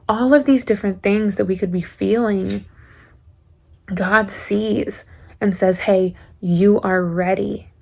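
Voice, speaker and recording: A young woman giving a casual sermon to students. She speaks conversationally and slips into acted-out voices for quoted excuses. Her voice carries a light gravelly fry at a mid pitch. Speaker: youth speaker.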